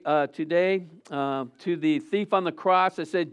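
A man's voice: high voice, unhurried, hardly any pauses, smooth. Man preaching a loose, rambling sermon. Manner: rambling, with many fillers and restarts; voice swells on quoted lines. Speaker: pastor. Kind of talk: casual Easter sermon.

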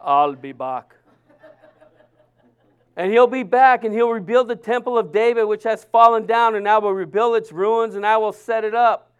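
A man's voice: sits high, fairly even intonation, a little fast, clean tone, dull audio. A man preaching a sermon, earnest and emphatic, often restarting his sentences.

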